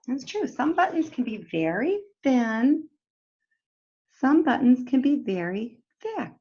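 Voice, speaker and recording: Teacher lady reading a kids story, high lively voice, slow, dull lo-fi recording. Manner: expressive, talks to children directly. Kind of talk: storybook read-aloud for children.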